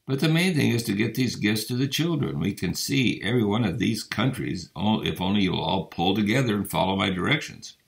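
A tender-hearted young Santa Claus from a storybook, gentle and endlessly patient, voiced by a man reading aloud. He coaxes and reasons softly, lifting a little above the reader's low, gravelly tone. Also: animated, moderate pace, exaggerated voice. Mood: coaxing.

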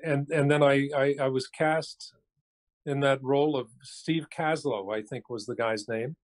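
A man's voice: medium pitch, fairly even intonation, unhurried. An older male actor, speaking on a cell phone as a podcast guest and recalling his career in an easygoing, reflective and wry way. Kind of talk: casual interview chat.

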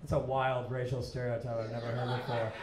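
A man's voice: medium pitch, level tone, a little fast. A man doing a stand-up set with crowd work, brash and mocking, often laughing at his own jokes. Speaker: stand-up comedian. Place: comedy club stage. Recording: echoey club with loud laughter. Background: audience laughter.

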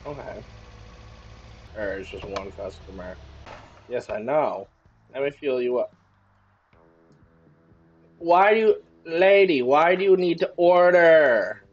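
A man giving excitable, joking commentary while playing a video game, often breaking into exclamations. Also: medium pitch, slow, pauses often, dull audio, slight background noise. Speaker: gaming YouTuber. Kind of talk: let's-play commentary.

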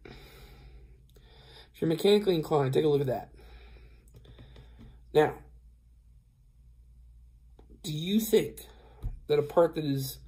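Slow and warm, with long pauses, this fairly high-voiced man is a worn-out truck driver rambling through a story on camera. He retells the dialogue by voicing both sides, leaning on lots of fillers, in a casual storytelling vlog.

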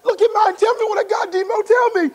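A man acting out a playful male football star who teases a teammate, in a raised, excited voice. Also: very high voice, fast, in a large hall, pitched above the performer's own voice. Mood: teasing. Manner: joking, teasing, raised excited voice.

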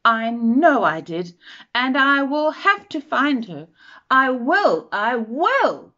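A woman voicing a small, anxious baby bird searching for its mother in a storybook reading, high and pleading. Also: huge pitch swings, normal speed, a bit bright, exaggerated voice. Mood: determined. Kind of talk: storybook read-aloud. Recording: dull lo-fi recording.

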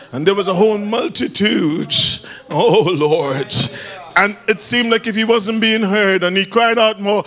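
A bishop preaching a fervent sermon in church. He shouts key phrases, repeats lines for emphasis and punctuates them with "hallelujah". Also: high voice, normal speed.

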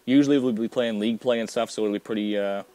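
A man's voice: fairly low pitch, steady tone, fast, warm tone, no echo. A young man giving casual, rambling commentary over a video game, full of fillers and restarts. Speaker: gameplay commentator.

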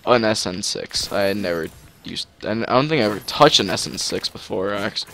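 Excitable gravelly man commentating gameplay. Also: on the low side, brisk, slight background noise. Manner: excitable, with sudden shouts and yelps. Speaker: gaming commentator.

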